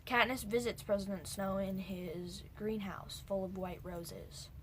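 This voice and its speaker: A woman's voice: mid-range voice, fairly even intonation, unhurried. Young woman, casual film recap, rambling, whispered asides, faint hiss behind. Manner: rambling, jumps between points, drops into whispered asides. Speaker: movie reviewer. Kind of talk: casual movie recap vlog.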